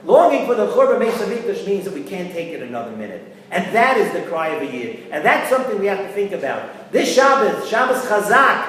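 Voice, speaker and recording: A man's voice: high voice, big pitch swings, fairly quick, hardly any pauses, a bit bright, slight background noise. A man giving an earnest sermon, asking rhetorical questions and weaving in Hebrew terms. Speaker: rabbi giving a weekly Torah talk. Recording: echoey room with long reverb.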